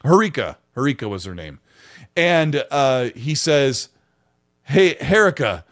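A man co-hosting a casual podcast, telling stories in an animated, rambling way with many restarts. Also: medium pitch, unhurried. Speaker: podcast co-host.

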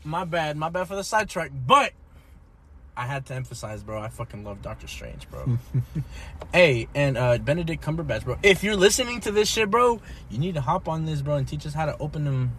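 Excitable young man saying "bro". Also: on the high side, a little fast. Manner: excitable and profane, says "bro" a lot. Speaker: podcast co-host. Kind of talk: casual chat. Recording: faint background noise.

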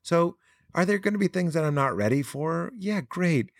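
A man's voice: fairly high pitch, animated, moderate pace, dry recording, studio quality. A young adult man, a podcast guest, talking earnestly and animatedly in casual conversation, laughing often.

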